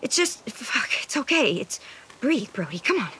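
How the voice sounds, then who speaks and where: Anxious teen girl, shaky, talking herself calm. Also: a little high, moderate pace, husky, heavily acted. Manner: shaky, self-calming. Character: anxious teenage girl from the woods. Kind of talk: video game voice acting.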